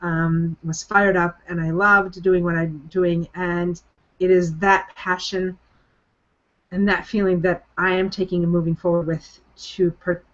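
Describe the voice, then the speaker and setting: A woman hosts a motivational group call, sounding sincere and emphatic. She repeats key phrases to drive them home, her voice sitting a little low. The audio is muffled and lo-fi, like a conference line. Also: level tone, a little slow. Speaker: coaching program leader hosting a group call.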